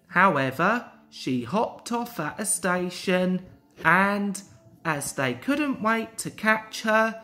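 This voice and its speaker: A man's voice: high voice, bright, forceful tone. A young man reading a children's railway storybook aloud, carefully. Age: young adult.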